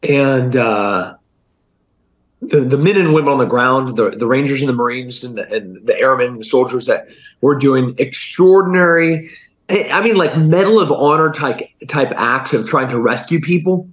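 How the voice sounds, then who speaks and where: Male interview guest, veteran special operator, mid-pitched, earnest and halting. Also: poor audio. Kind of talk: interview answer.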